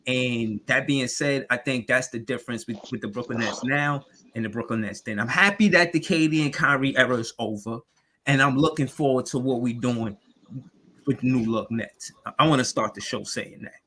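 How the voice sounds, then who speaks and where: A man's voice: mid-range voice, normal speed, sharp tone. Rambling New man hosting a podcast. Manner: rambling, heavy on filler phrases. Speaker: podcast host. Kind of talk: casual sports podcast talk.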